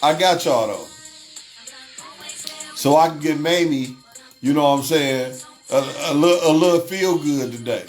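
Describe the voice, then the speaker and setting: A man's voice: on the high side, normal speed, pauses often, soft background music. A man hosting a casual livestream, reading chat aloud, swearing freely and laughing often. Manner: profane, laughs often, repeats himself.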